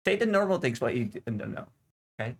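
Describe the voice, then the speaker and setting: A Finnish-accented man hosting a home livestream, talking straight into his desk mic. His English is loose and chatty, full of fillers and restarts, with a voice of middling pitch. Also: big pitch swings, quick pace, gravelly. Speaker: livestream host. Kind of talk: casual stream chat. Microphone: desk streaming microphone.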